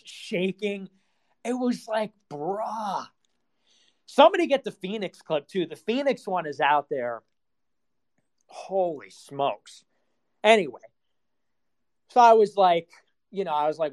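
Young guy streaming, rambly and animated, voice bounces all over, a bit high for a dude. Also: slow. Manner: animated, filler-heavy, laughing asides. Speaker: livestream host. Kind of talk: rambling casual chat.

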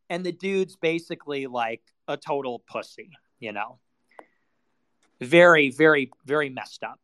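A man's voice: on the high side, a little slow, long pauses, fairly bright tone. A young man hosting a livestream, talking in a rambling, filler-heavy way with laughing asides. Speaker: livestream host. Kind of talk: rambling casual chat.

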